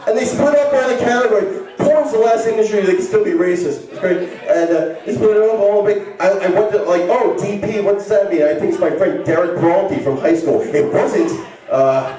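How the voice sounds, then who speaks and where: A male stand-up comedian rambling and stammering through a set, bursting into shouts. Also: high-pitched, normal speed. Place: bar stage with live audience. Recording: echoey club recording from far off. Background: crowd laughing.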